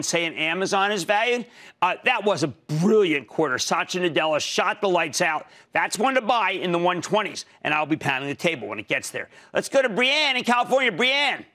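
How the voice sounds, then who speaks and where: A man in his sixties hosts a TV show about the stock market, offering emphatic, punchy commentary and taking calls. His volume jumps between loud and low.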